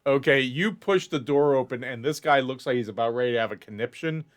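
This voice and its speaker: A man narrates a tabletop game as its game master. He talks in a measured way, often restarting phrases to set the scene. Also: medium pitch.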